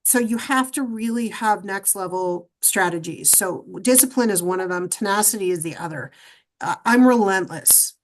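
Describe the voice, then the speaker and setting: A middle-aged woman, a podcast guest, telling her story in an animated, emphatic way. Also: mid-range voice, normal speed, slight background noise. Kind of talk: storytelling interview.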